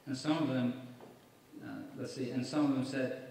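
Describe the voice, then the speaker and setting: A man's voice: medium pitch, big pitch swings, normal speed, mellow. A male evangelist preaching and reading scripture, stressing points with rhetorical questions to his listeners. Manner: emphatic, rhetorical questions to the congregation. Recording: very echoey hall, mic far off, faint noise.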